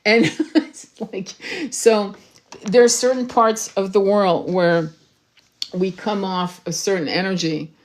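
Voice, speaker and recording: A woman's voice: mid-range voice, fairly even intonation, takes it slowly. Fiery, urgent woman spiritual reader. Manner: passionate, urgent, swears freely; emphatic, repeats herself for emphasis. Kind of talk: livestream monologue to viewers.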